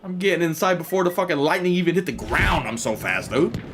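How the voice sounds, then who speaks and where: A man's voice: on the high side, quick pace, music in the background. A man streaming a game live, telling a story in casual, profane chat and laughing as he goes.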